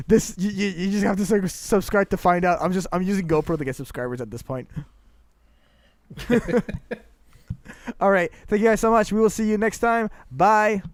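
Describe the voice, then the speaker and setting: A young man from Canada hosting a casual anime podcast, excitable and laughing often, stumbling and repeating words as he talks. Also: sits high, moderate pace, pauses often, no room sound. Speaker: podcast host.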